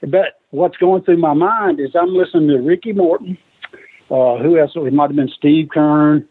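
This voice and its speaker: Male guest, husky and a little high, lively storyteller, heard over a tinny line. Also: normal speed. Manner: animated storyteller acting out quoted lines. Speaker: guest, retired wrestler. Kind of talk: casual storytelling.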